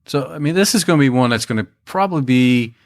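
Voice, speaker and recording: A man's voice: medium pitch, animated, fast talker. A man co-hosting a podcast, laid-back and often giving brief replies. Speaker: podcast co-host. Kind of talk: casual podcast chat.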